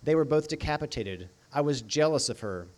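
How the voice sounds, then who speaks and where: A man voicing a grieving, bitter young man who speaks slowly and heavily, haunted and resentful. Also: a little high, expressive, lightly acted. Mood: wounded. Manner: slow, heavy delivery.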